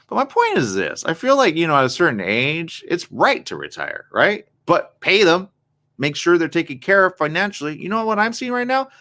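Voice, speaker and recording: A man hosting a live online morning show, chatting casually and reading viewer comments in a rambling way, often checking in with his audience. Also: on the high side. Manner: rambling, animated, asks the audience "you get it?".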